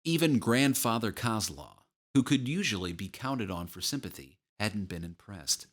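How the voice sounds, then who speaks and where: A man reading an audiobook with measured, steady storytelling. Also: fairly low pitch. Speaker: audiobook narrator. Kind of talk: scripted audiobook narration.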